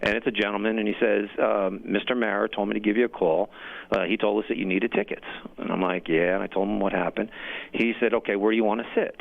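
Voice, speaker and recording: A middle-aged man calling in on a crackly, tinny phone line, his low voice gravelly with fry. He rambles through a long story with repeated words and gets emotional along the way. He is from New Jersey. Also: fairly even intonation, quick pace. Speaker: caller.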